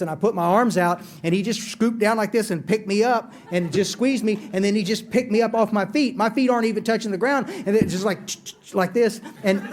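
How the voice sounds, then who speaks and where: A man telling his recovery story to a meeting, earnest and animated, often repeating words as he goes. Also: high voice.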